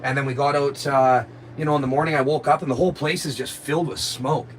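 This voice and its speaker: A man's voice: medium pitch, steady tone, fast, a little hiss or hum, low-quality recording. A man, a live streamer, telling his viewers a story in a rambling, profane and aggrieved way.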